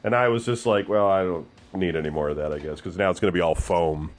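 A man's voice: low-pitched, quick pace. A man chatting casually, rambling through a story with hesitant restarts.

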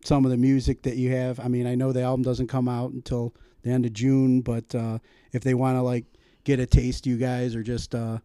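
A man hosting a radio show, interviewing a guest in an easygoing, halting way with many fillers. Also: medium pitch, completely flat delivery, warm tone, clear, resonant tone, no echo, studio quality. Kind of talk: casual interview chat.

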